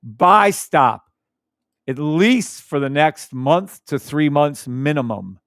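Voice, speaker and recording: A man hosts a live trading stream, hyped and teasing as he talks charts with his viewers and hums between calls. His voice sits a little high and sounds smooth and resonant. The sound is dry and close. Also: expressive, slow pace, a bit bright, no echo.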